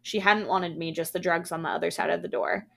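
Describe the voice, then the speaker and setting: A woman podcast co-host reading a horror story aloud in a hushed, steady manner. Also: lowish voice, fairly quick, vocal fry.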